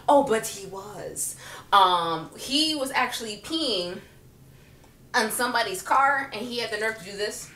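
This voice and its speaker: A sassy woman spins a comic personal story, her bright voice leaping up and down as she acts out every exchange. She sits well back from the mic in a roomy, echoing space. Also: on the high side, measured pace, recorded from a distance. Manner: animated, sassy, laughs often, acts out quotes. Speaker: vlogger.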